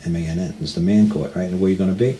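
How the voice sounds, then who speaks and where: A man telling a story in a casual, animated way, acting out the dialogue and laughing often. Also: low voice, very fast, a crowd in the background, poor audio.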